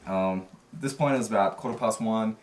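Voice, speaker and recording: A man's voice: on the low side, a little fast. A man casually recounting a travel mishap, acting out what people said. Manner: animated, acts out quotes. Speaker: travel vlogger. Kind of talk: casual storytelling. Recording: echoey with light noise.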